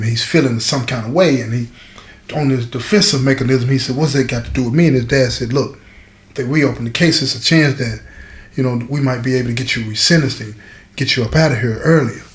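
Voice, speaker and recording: A man talks through a story in a relaxed, earnest way, speaking right to the people listening. His voice sits at a middle pitch. The room around him is echoey. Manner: conversational, earnest, addresses listeners directly. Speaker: storyteller host. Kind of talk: casual spoken storytelling.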